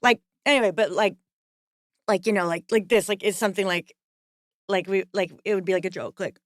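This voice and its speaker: A woman's voice: mid-range voice, fairly even intonation, fairly quick, no room sound, studio quality. A woman co-hosting a casual podcast, rambling with many fillers and laughing through tears. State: tearful, on the verge of crying. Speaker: podcast co-host. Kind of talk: casual chat.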